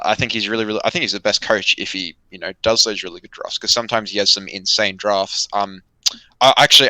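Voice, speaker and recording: A young man co-hosting a podcast, talking esports in a casual, halting way with many fillers. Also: lowish voice, sharp tone, dry recording, rough recording. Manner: hesitant, many fillers and restarts. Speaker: podcast co-host.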